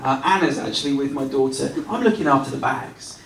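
A man giving a relaxed, self-deprecating sermon built around a family story, recorded in a church hall. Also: mid-range voice, a little fast, vocal fry, a crowd in the background. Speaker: pastor. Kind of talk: sermon with personal stories. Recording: roomy sound from a distance.

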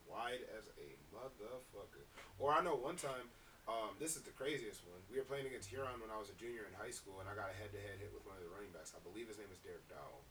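A man's voice: fairly low pitch, rapid-fire, fairly bright tone, recorded from a distance, poor audio. A young man co-hosting a casual podcast, telling stories with emphatic, profane talk. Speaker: podcast co-host. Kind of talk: casual chat. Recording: set back from the mic, faint hiss.

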